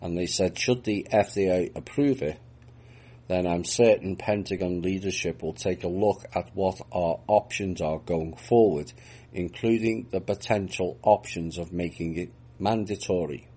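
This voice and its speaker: A man with a deep, husky voice reads news items aloud in a steady commentary style. He breaks in with dry, sarcastic asides between the reports. His tone stays dark and mellow throughout. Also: unhurried. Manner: dry, mocking remarks between read-out reports.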